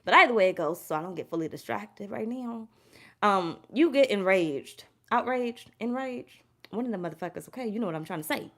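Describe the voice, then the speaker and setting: A woman does a casual live tarot reading in a voice of ordinary pitch, neither high nor low, speaking a little fast with a bit of brightness and lively intonation. She rambles, curses freely, circles back to repeat herself, and stops to greet viewers in the chat.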